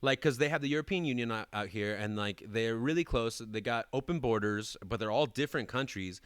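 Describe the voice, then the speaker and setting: A young man co-hosting a casual podcast chat about teaching dance, animated and swearing freely. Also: medium pitch, fairly quick, clear, resonant tone, no echo, clean studio sound. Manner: animated, swearing, breaks into voices.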